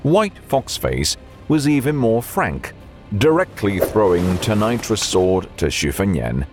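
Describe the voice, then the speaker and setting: A man narrating an audiobook with measured storytelling and faint music behind. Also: fairly low pitch, sing-song.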